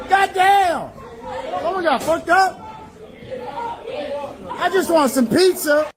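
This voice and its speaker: A man filming a brawl, shouting excited, profane remarks. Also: extremely high pitch. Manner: excited, swearing, drawn-out. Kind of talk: shouted bystander commentary. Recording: noisy crowd in a big hall.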